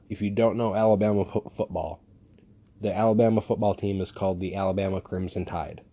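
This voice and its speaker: A man's voice: lowish voice, a little slow, warm tone. A young man hosting a podcast, telling a story in a rambling, casual way with lots of fillers and swearing. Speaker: podcast host. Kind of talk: casual solo podcast monologue.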